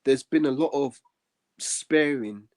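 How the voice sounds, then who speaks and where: Male co-host, mellow mid voice, earnest and measured scripture commentary. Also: medium pitch. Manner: earnest, measured, many "um" pauses. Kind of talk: religious podcast discussion.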